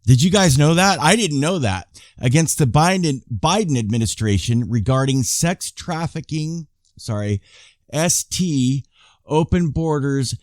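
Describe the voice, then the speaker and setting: A man's voice: on the high side, lively intonation, measured pace, no echo, studio quality. A man in his fifties giving casual YouTube commentary, reading viewer emails aloud and rambling with frequent restarts and asides to his viewers. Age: 50s.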